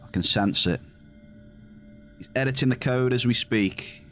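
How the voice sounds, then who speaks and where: A man's voice: mid-range voice, measured pace, a bit bright. A man with an English accent chatting casually with his live-stream viewers, reading their messages aloud and cheering at big hits. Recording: game music behind.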